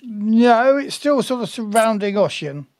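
A man narrates a tabletop game as its game master, slow and unhurried. He hesitates often and breaks into chuckles. His voice sounds dry and close, with little room around it. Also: high voice, expressive, a little mellow, no echo. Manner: hesitant, with many fillers and chuckles.

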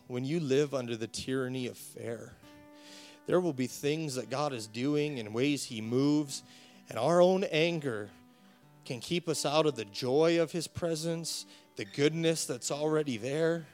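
A man's voice: medium pitch, a little slow, a little mellow, faint music behind. A male pastor preaching a sermon with rising passion, repeating words as he builds his point. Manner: impassioned, rising to emphatic preaching.

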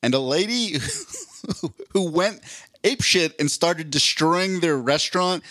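A man co-hosting a casual podcast, telling stories animatedly and acting out quotes in a deadpan drawl. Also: a little high, slow, no room sound. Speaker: podcast co-host.

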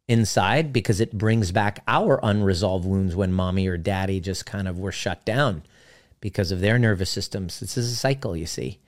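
A man's voice: fairly low pitch, a little mellow. A man who works as a relationship coach, talking casually and animatedly, acting out his clients' voices now and then. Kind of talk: casual teaching talk.

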